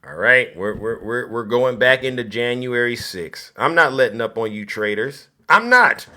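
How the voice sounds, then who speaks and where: A man hosting a political commentary livestream, loud and mocking, often repeating himself. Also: medium pitch, normal speed. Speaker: livestream host.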